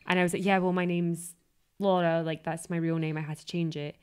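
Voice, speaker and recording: A woman's voice: on the low side, flat delivery, a little fast, smooth. A young adult woman, a podcast guest, chatting casually and telling stories with quoted voices. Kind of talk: casual chat.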